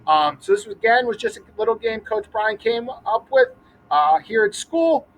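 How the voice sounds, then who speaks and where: A man's voice: high-pitched, animated, moderate pace, slight background noise, rough recording. A young adult man coaching kids through a ball game outdoors at a school, upbeat and counting catches aloud. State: out of breath.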